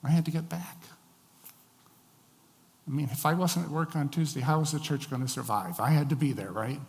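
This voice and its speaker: Male pastor, mid-pitched, expressive storytelling sermon, long hall reverb. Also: fast talker. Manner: storytelling, varied emphasis.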